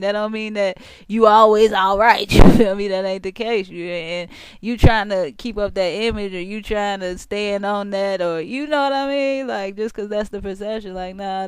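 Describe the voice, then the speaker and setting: Astrology vlogger, casual slang, keeps checking in with listener, smooth voice, dry close sound. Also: medium pitch, dry recording. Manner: laid-back street slang, keeps asking "you feel me"; chuckles often between phrases. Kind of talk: casual slangy monologue to viewers.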